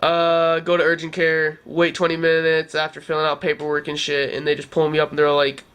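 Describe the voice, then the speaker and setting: A man's voice: a little high, completely flat delivery, fairly quick, a bit bright, clean tone. A man in his twenties telling a story to camera in a rambling, casual way, with lots of "like" and swearing. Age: 20s. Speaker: vlogger.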